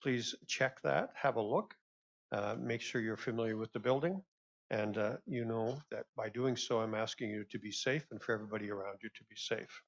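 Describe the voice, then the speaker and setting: A man's voice: fairly low pitch, moderate pace. A man moderating a convention session, chatty and courteous as he welcomes people and repeats his announcements. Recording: dull lo-fi sound.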